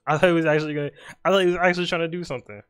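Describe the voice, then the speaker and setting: A man's voice: on the high side, fairly even intonation, a bit bright, clean tone. A young man casually commenting on his own live game, joking and talking to his opponent. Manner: joking, talks to the opponent, quick mutters. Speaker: streamer.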